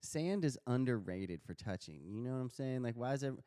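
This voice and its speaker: A man's voice: medium pitch, expressive, a little fast, dark tone, clean tone. A man co-hosting a podcast in casual chat, jokey and rambling, often trailing off mid-thought. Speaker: podcast co-host.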